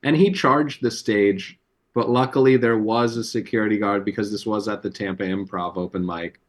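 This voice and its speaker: A man with a somewhat low voice tells stories as a comedy podcast guest. He rambles casually, swears freely and leans on fillers between beats. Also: fairly even intonation, normal speed. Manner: loose, profane storytelling with many fillers. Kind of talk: casual anecdote telling.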